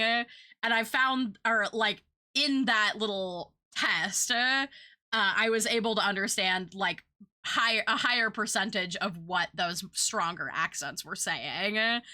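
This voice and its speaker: A woman's voice: medium pitch, unhurried, bright, forceful tone. A young woman streaming, chatting casually with her viewers in a rambling, talkative way and swearing now and then.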